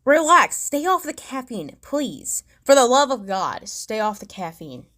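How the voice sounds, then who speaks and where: A woman voicing an exasperated ordinary man who pleads with a shouting stranger to calm down. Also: a little high, unhurried, heavily acted. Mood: pleading.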